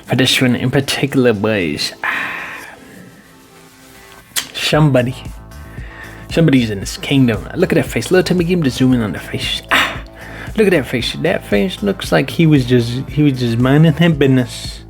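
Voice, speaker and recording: A man with a gravelly, creaky voice jokes his way through card reviews in a loose, playful way. He keeps calling his viewers boys. Faint music sits under his voice. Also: mid-range voice, animated, moderate pace. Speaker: card collecting video host. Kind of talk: casual joking card review commentary.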